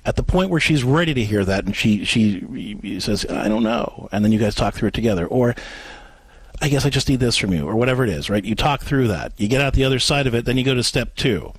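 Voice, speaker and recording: A man co-hosting a call-in advice show, coaching a caller step by step and acting out gentle example phrases. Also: fairly low pitch, expressive, quick pace, few pauses, slightly rough, no echo. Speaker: radio advice host.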